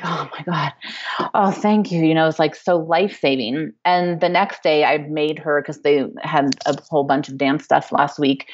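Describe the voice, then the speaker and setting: A woman hosting a podcast, talking earnestly and casually with lots of "like" and "you know". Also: deep voice. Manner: earnest and talkative, many "like" and "you know" fillers. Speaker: podcast host. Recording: slightly dull, lo-fi.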